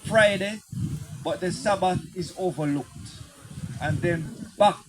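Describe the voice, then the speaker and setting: A man, adding an earnest, measured comment in a church talk, with many fillers. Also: high voice, noisy background. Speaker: call participant. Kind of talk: sermon comment.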